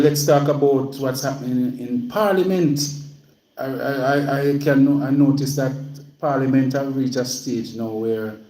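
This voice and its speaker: A Jamaican man talks straight to his livestream viewers in a plain, repetitive way. His voice rings around a roomy space with a clear echo. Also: medium pitch, dark tone. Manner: plain-spoken, repeats himself when stirred. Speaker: livestream host. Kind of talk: casual livestream talk.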